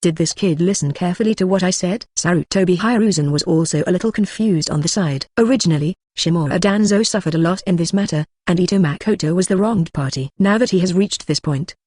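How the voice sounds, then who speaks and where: A text-to-speech voice narrating a translated web novel in an even, flat delivery, reading punctuation marks and symbols aloud. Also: medium pitch, no room sound, clean studio sound. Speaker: audiobook narrator.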